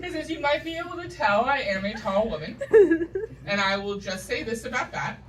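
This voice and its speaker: A New England comedian, a woman with a fairly high, expressive voice, talks a little fast through her stand-up set of wry, self-deprecating stories and punchy asides. The stage recording was made with a distant mic, a loud live audience and slight background noise.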